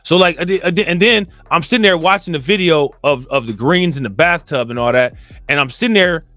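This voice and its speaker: A man from Cleveland rambles through a casual commentary. His voice sits fairly high and sounds dry and close, with faint music underneath. He leans on filler phrases and climbs in pitch when he gets indignant. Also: a little fast, sharp tone, no room sound. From Cleveland, Ohio. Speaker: commentary channel host.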